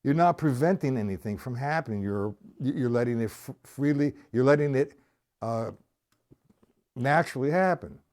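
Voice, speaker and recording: A man with a medium-pitched, slightly mellow voice gives a drum lesson over a live stream at a moderate pace. He talks casually, repeats his points, and checks in with viewers, all picked up by the stream's camera mic.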